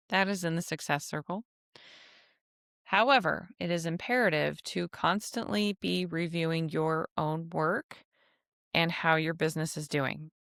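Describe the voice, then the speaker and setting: A woman's voice: low voice, fairly bright tone, no room sound, clean studio sound. Chatty nasal woman podcast host. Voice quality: nasal from allergies. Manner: rambling, chatty, self-deprecating. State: stuffy with allergies. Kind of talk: casual solo podcast monologue.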